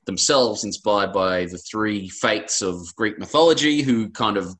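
A man's voice: fairly low pitch, a little slow, a bit bright. A man in his forties with an Australian accent, an author telling personal stories in an interview in an earnest, rambling, emotional way. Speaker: author guest. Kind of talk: interview conversation.

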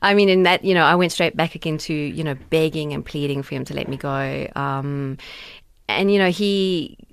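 Low, gravelly-voiced woman telling her story. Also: normal speed, no room sound, studio quality. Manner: candid and earnest, many fillers and restarts. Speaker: guest, activist and survivor. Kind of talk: personal testimony in conversation.

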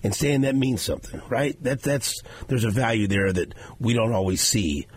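A man hosting a sports radio show, telling stories in a casual, animated way and acting out the quotes. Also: medium pitch, normal speed, a little hiss or hum. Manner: animated storytelling, acts out quotes. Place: radio studio.

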